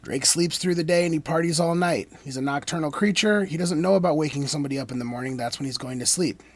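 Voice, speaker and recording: A man who breaks down song lyrics in a casual monologue. He is animated and wanders off on tangents, swinging between emphatic peaks and quiet asides. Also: fairly high pitch, quick pace. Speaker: commentator breaking down rap lyrics.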